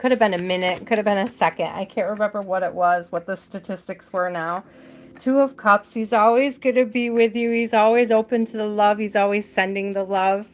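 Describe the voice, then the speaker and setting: A woman giving a live tarot reading, gentle and emotional, repeating her words softly. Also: medium pitch, steady tone, a little fast. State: tearful at times. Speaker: tarot reader.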